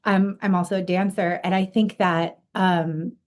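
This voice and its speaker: A woman's voice: on the low side, fairly even intonation, unhurried. A woman hosting a podcast interview, talking in an earnest, reflective way with frequent fillers. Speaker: podcast host and coach. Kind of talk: casual interview conversation.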